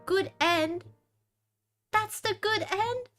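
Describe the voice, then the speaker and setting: A woman streamer playing a horror dating game, reading its text aloud with animated, dramatic reactions. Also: extremely high pitch, drawn-out words, soft background music.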